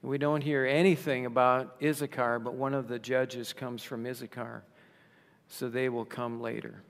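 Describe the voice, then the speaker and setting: A man preaching a sermon in a slow, emphatic way, raising his voice for rhetorical questions. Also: mid-range voice, flat delivery. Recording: long reverb of a large hall.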